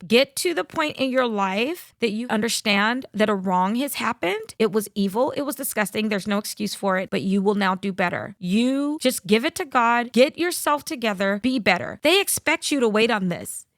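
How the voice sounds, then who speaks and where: A woman with a fairly high voice speaks straight to her viewers in a blunt, lecturing commentary. The sound is dry and close, with no room echo. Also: expressive, normal speed, few pauses. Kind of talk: opinion commentary to camera.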